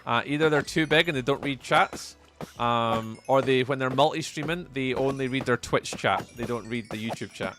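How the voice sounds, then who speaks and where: A man's voice: medium pitch, normal speed, over music. A young man with a Scottish accent, chatting casually with his chat while livestreaming a game. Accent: Scottish, Edinburgh area. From Scotland. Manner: chatty, reads chat aloud, repeats phrases. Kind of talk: casual live-stream chat while playing.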